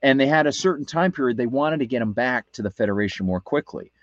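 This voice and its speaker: A man's voice: mid-range voice, animated, quick pace, no echo, muffled recording. A man co-hosting a talk radio show, telling a rambling story with many restarts. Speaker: radio co-host. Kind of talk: casual anecdote on talk radio.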